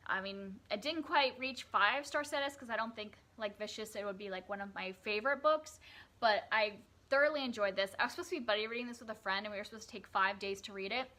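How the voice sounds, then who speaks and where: Bright-voiced chatty woman reviewing books. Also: mid-range voice, quick pace. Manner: chatty, many fillers and self-corrections. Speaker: book reviewer. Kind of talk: casual book review vlog.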